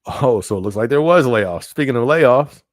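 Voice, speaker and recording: With lively intonation and a moderate pace, a man hosts a casual live-stream podcast in a medium-pitched voice. He chats loosely, repeats phrases, and often checks in with "you know what I mean," all in clean studio sound without room sound.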